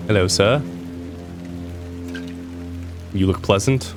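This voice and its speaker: A man's voice: lowish voice, animated, moderate pace. A man casually commenting while playing a game, chatty, playful and wry. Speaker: gameplay host. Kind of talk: casual let's-play commentary. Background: game music and rain.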